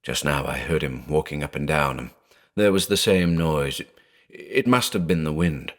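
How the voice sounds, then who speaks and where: A man's voice: rumbling low, normal speed, voice pushed down. A man voicing a terrified old blind man who reasons anxiously, then breaks into frantic shrieks. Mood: fearful. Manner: fearful, rising to frantic shrieks.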